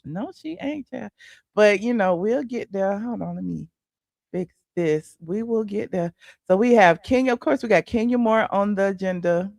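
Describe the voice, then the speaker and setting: A woman's voice: mid-range voice, moderate pace, creaky, darkish tone, dry recording. A woman hosting a casual celebrity gossip livestream, sassy and chatty, calling the audience honey and child, humming mm-hmm and laughing between points.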